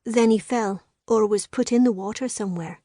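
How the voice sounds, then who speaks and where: A woman's voice: mid-range voice, moderate pace, warm tone, dry recording, clean studio sound, lightly acted. A woman voicing a kindly female medic with a Scottish accent, speaking in a soothing, motherly way. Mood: gentle.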